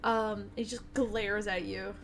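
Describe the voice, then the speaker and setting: A woman's voice: medium pitch, steady tone, slow pace, fairly bright tone. A woman running a tabletop game as game master, narrating loosely with many fillers. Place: home streaming setup. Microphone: streaming mic.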